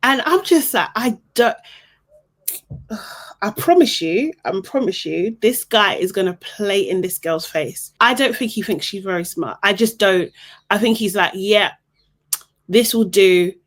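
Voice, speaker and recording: A woman's voice: medium pitch, unhurried. Exasperated, sarcastic young woman. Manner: exasperated, sarcastic and animated, laughs often. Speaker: reality TV recap host. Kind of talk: casual recap commentary.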